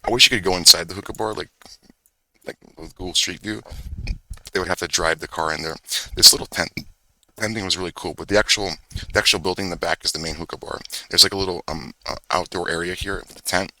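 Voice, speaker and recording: Over a dry, rough recording, a young man with a low, steady voice talks at a quick pace, bright and forceful. He's a vlogger sharing his screen and telling a meandering, profane story packed with fillers and self-corrections.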